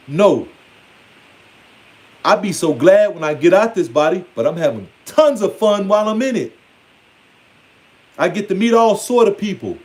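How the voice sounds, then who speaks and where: A man giving a casual, blunt, playfully scolding monologue on spirituality. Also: fairly high pitch. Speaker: spiritual speaker.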